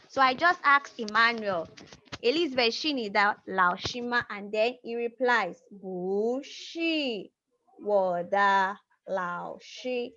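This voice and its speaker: A woman's voice: fairly high pitch, a bit bright. A woman teaching a language class over a video call, patiently repeating words and prompting her students. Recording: muffled video call audio.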